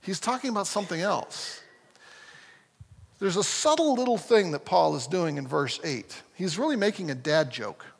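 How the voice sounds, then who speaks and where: Pastor guy preaching, chatty and animated, swoops up and down a lot, echoey church sound. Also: sits high, normal speed, creaky. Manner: animated, conversational, self-correcting. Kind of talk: sermon. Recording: long hall reverb.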